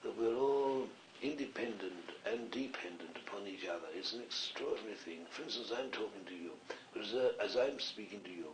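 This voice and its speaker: A man's voice: lowish voice, expressive, a little fast. A man with a slight Scottish accent speaking as a spirit communicator at a séance, earnest and rambling. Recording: echoey, distant old archive recording with faint hiss.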